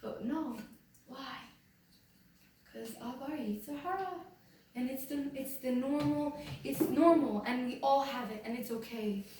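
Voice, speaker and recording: A woman's voice: high-pitched, measured pace, a little mellow. A woman speaking earnestly to a group in a question-and-answer session, filling her talk with "like" as she shares personal feelings. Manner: earnest, emotional, lots of "like" fillers. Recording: very echoey room, far from mic, faint noise.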